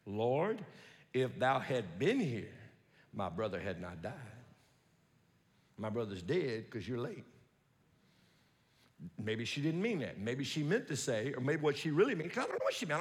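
A man preaching a sermon as pastor, folksy and reading scripture aloud, swinging from quiet musing to loud preaching. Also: medium pitch, very animated, moderate pace, pauses often, in a large hall.

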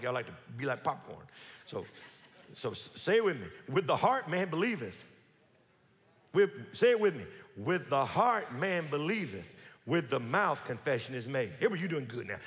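A male preacher with a high, swooping voice, stressing and repeating his points as he drives the sermon. He keeps calling the congregation to say lines back to him. The sound carries a long reverb from a large church hall. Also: a bit bright. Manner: emphatic, repetitive, leads the congregation in call-and-response; quick rhetorical questions and restarts. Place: church sanctuary.

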